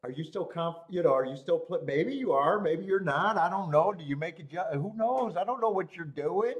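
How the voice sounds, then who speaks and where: A man hosting a live racing show, ranting in a profane, excitable way and laughing often. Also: on the high side, normal speed, muffled recording. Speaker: horse racing show host. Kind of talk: profane live-stream rant.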